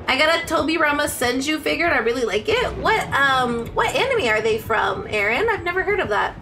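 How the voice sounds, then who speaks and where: A woman live-streaming a game, chatting with viewers and shrieking with excitement during tense moments. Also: high-pitched, a little fast, noisy background.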